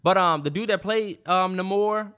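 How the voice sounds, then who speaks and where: A man's voice: sits high, normal speed, pushed and bright, clean tone. A man co-hosting a podcast in casual chat, talking animatedly and emphatically with lots of slang and filler ums. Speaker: podcast co-host.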